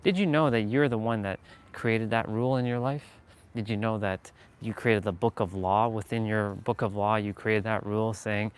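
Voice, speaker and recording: A man's voice: medium pitch, a little fast, faint music behind. A man hosting a casual motivational live stream, talking earnestly and rambling with lots of fillers and laughs.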